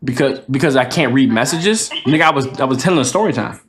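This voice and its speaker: A man's voice: mid-range voice, fast, a crowd in the background. A young man live streaming, telling a profane storytime in a casual, slangy way with lots of swearing. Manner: animated, slangy, swears a lot. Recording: roomy echo.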